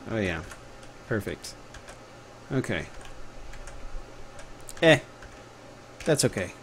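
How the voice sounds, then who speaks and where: A man's voice: fairly low pitch, unhurried, a little hiss or hum. A young Texan man with a Texan accent, giving a casual live-stream tutorial, chatty and jokey, muttering to himself as he works. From Texas. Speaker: game developer teaching a tutorial.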